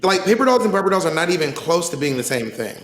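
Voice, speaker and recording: A man's voice: a little high, roomy sound. A man with a Southern accent, co-hosting a casual chat and teasing the others as he talks. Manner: animated, quick to joke and tease. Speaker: podcast co-host.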